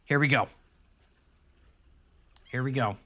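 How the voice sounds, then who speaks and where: A man with a bright, sharp-edged voice comments casually on a live game stream. He talks in a playful, teasing way and drifts into rambling asides. His pitch sits in an ordinary middle range for a man. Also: slow, slight background noise. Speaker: streamer playing a point-and-click adventure game.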